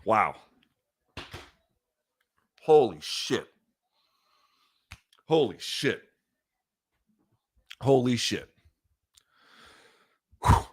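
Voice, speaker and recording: Male host, live fight reaction, loud outbursts, profane, emotional. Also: mid-range voice, very animated, very slow, long pauses, husky. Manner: subdued, reflective, emotional.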